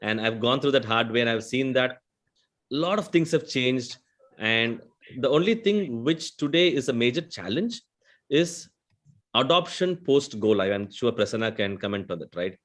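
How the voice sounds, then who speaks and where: A man's voice: medium pitch, expressive, normal speed, fairly bright tone. A man with a South Indian accent speaking on a panel as a conversational AI vendor, explaining at length and often adding a questioning "right?". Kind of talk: panel discussion.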